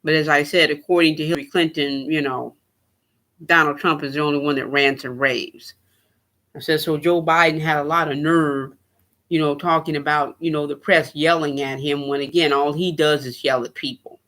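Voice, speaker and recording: Male podcast host, bright tone, sarcastic off-the-cuff commentary. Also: a little high, steady tone, moderate pace. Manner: rambling, sarcastic, laughs at his own points. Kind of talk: solo political commentary.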